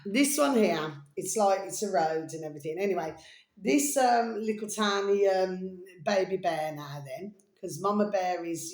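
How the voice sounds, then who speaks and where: In an echoey room, a woman with a mid-range voice chats through a rambling vlog that drifts across topics. She affectionately calls her viewers "babies" and hums and sings snippets along the way.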